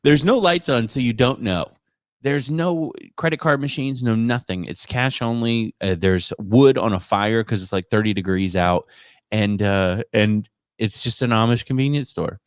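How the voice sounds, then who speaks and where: A man's voice: medium pitch, moderate pace, smooth, no room sound, studio quality. A man hosting a podcast, telling a funny story in casual chat and slipping into other people's voices. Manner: animated, quotes others in put-on voices. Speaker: podcast host and comedian.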